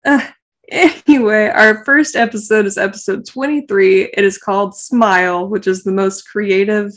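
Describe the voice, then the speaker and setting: Brief: chatty, giggly woman co-host, everyday mid-pitched voice, relaxed banter. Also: moderate pace. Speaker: podcast co-host. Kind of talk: casual chat.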